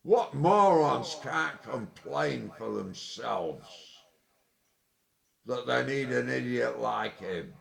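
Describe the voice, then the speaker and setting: A tipsy man delivering an angry, sweary, rambling monologue, with sudden loud outbursts. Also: mid-range voice, animated, takes it slowly, vocal fry. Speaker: vlogger. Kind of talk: ranting monologue.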